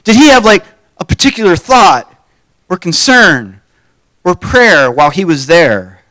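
A man giving a conversational sermon, relaxed and informal, asking his listeners rhetorical questions. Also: high-pitched, a little slow, dry recording. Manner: informal, poses rhetorical questions, acts out quoted voices. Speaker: preacher.

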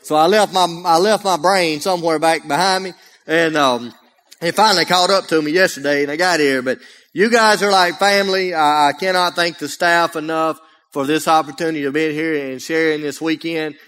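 A man's voice: on the high side, moderate pace. Folksy Alabama man preaching in a church. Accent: Alabama Southern US. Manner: humorous, folksy, energetic, often raises his voice. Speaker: guest preacher. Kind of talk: folksy sermon. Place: church sanctuary. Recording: long church reverb.

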